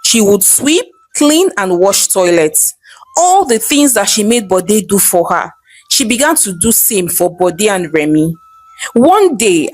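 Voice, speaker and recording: A woman with a Nigerian accent narrating a folktale in a lively, chatty way. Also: mid-range voice. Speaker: storyteller. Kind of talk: storytelling narration.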